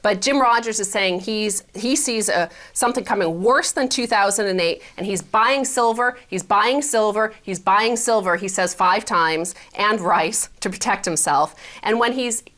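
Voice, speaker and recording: A woman's voice: mid-range voice, normal speed, hardly any pauses, fairly bright tone. A woman with a mid-range voice co-hosts a news show. She reads headlines aloud and adds pointed, critical commentary. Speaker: co-host.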